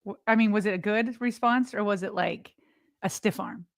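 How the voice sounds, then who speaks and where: A young woman co-hosting a podcast in casual chat, animated and teasing, laughing a lot. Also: medium pitch, normal speed, no echo, clean studio sound. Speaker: podcast co-host.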